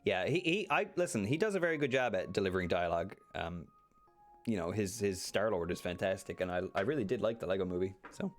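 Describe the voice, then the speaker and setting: A man's voice: low voice, expressive, fast talker, faint music behind. Playful male game streamer. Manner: playful, keeps doing silly voices and asides. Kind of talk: casual let's-play commentary.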